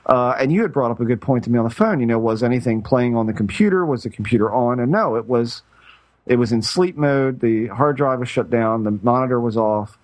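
This is a middle-aged podcast co-host telling a rambling story in casual conversation, frequently breaking off to begin sentences anew. His mid-range voice is brisk with a darkish tone, recorded dry.

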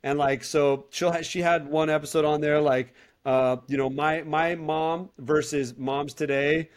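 A man co-hosting a podcast in casual chat, animatedly recommending comedy shows. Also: on the high side. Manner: animated, retells comedy bits with quick acted quotes. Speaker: podcast co-host.

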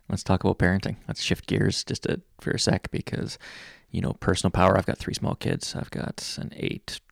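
A male host in his thirties with a heavily gravelly, husky voice asks relaxed, curious questions. His voice sits fairly low and the mic is close and dry. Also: normal speed, no echo. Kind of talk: conversational interview.

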